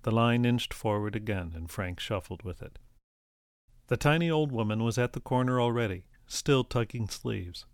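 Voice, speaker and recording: A man reading a story aloud as an audiobook narrator, in a steady, even storytelling manner. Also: medium pitch, normal speed, no room sound, clean studio sound.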